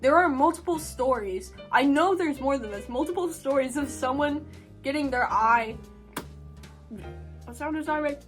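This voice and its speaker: A woman's voice: high-pitched, moderate pace, soft background music. A young woman vlogger giving rambling, giggly reactions while snacking. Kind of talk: casual reaction commentary.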